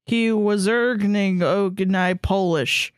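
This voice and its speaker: A woman's voice: mid-range voice, steady tone, dry recording, clean studio sound. A woman co-hosting a comedy podcast, reading fan fiction aloud with dramatic flair and stifled giggles. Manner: dramatic read-aloud, giggling, slow and deliberate. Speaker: podcast co-host.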